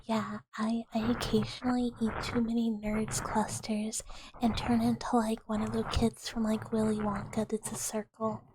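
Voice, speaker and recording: A woman streamer in soft, giggly, rambling whispered casual chat with a breathy voice. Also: on the high side, flat delivery, normal speed, noisy background.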